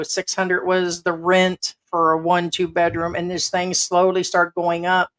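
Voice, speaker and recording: Chatty, blunt American woman host. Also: on the low side. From United States. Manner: rambling, blunt and chatty, with casual swearing. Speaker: livestream host. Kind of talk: casual livestream chat.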